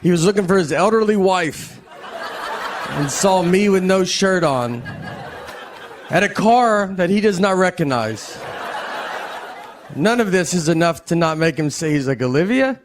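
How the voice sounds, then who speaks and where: A man performing a stand-up comedy set in a slow, deadpan drawl with wry pauses, recorded live. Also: sits high, background noise. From American South. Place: live comedy venue with audience laughter.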